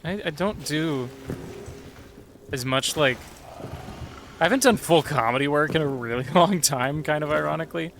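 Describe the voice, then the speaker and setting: A man's voice: fairly high pitch, normal speed, creaky, long pauses, a bit bright, a little hiss or hum. A man streaming a horror game, chatting casually and swearing freely while he mutters to himself and answers chat. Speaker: streamer and voice actor.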